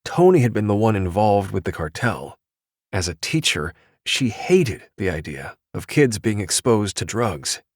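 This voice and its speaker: A man reads an audiobook in a steady, measured storytelling style. His voice sits on the lower side, and the studio-quality recording has no echo.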